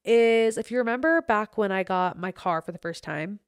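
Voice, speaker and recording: A young woman hosting a solo podcast, chatting in an excitable, gushing way. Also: medium pitch, normal speed, clear, resonant tone, no echo, studio quality. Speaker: podcast host.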